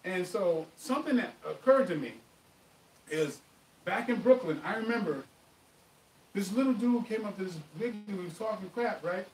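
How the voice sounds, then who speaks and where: A man hosts a live martial arts question-and-answer stream, telling stories with animated emphasis. His voice sits fairly high. It comes from off-mic in an echoey room with a faint hiss. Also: normal speed, far from the mic. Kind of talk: live stream chat and storytelling.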